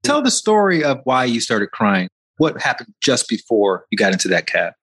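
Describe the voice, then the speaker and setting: A man interviewing a guest, his voice a bit husky and lively in pitch. He keeps his questions short and probing. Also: moderate pace. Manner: probing, brief questions and backchannels.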